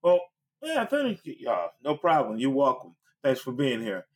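A man hosting a podcast, asking questions in a relaxed, chuckling manner of casual banter. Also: medium pitch, normal speed. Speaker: podcast host. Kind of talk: casual interview.

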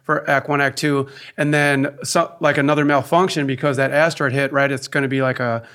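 A man's voice: mid-range voice, flat delivery, a little fast, fairly bright tone, clean tone. A man co-hosting a podcast, retelling things in a rambling way full of "like" and "um". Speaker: podcast co-host. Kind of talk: casual chat.

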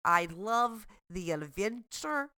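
A woman's voice: medium pitch, lively intonation, slow pace, pushed and bright, clear, resonant tone, dry recording, studio quality, voice pushed up. A woman putting on an exaggerated fake Russian accent for a comedy bit, speaking in stiff, broken phrasing. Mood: deadpan. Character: woman doing a mock Russian skeptic.

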